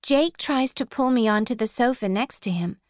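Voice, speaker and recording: A woman reading a first-person story aloud, slow, careful and clearly enunciated. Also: fairly high pitch, darkish tone, no room sound, clean studio sound. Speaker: audiobook reader.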